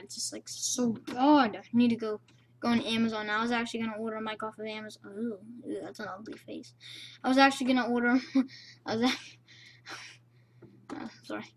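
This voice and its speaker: A young woman casually commenting on her own gameplay, rambling and playful, recorded on a cheap low-quality mic. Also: slight background noise. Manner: rambling, playful, self-chatting. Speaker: gamer.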